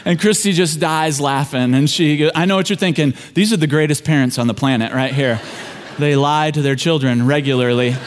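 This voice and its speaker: A pastor delivers a sermon in a relaxed, storytelling way, with casual asides to his listeners. He is a middle-aged man with a notably high speaking voice. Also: a little fast, slight background noise. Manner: conversational storytelling, folksy asides.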